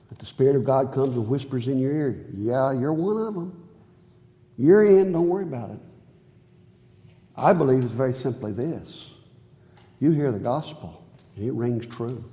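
A man preaching a sermon in a church, earnest, swinging from high emphatic phrases to low quiet ones. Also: in a large hall. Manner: earnest, rises high on key phrases and drops low on others.

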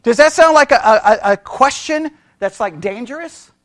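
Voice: mid-range voice, expressive, moderate pace, no echo, studio quality. A Bible study teacher who speaks with energy, keeps asking the listeners questions and checking in with "right?", and thinks aloud with restarts.

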